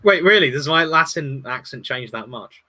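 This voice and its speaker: A man's voice: a little high, moderate pace. A man who is a guest on a casual livestream discussion, talking earnestly and handing out advice. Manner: earnest, advising, animated.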